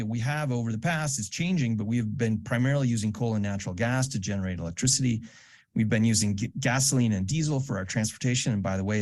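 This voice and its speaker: Brief: man presenting an educational slide talk, lowish voice, easygoing and explanatory, often restarting phrases. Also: a little mellow. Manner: conversational, explanatory, frequent restarts. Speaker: presenter at a church education event. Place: church event room.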